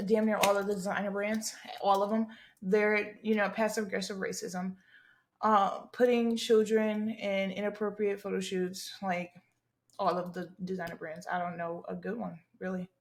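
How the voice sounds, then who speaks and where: A woman's voice: mid-range voice, flat delivery, a little slow. A young woman hosting her own podcast, chatting casually and bluntly through listener questions, swearing freely and using a lot of slang. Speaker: podcast host. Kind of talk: casual solo chat answering listener questions.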